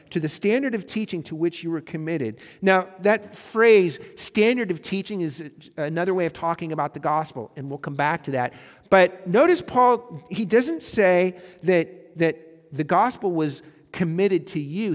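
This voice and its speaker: Male pastor, slightly high voice, dynamic sermon delivery, long church reverb. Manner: dynamic preaching, swinging between loud emphasis and soft hushed lines.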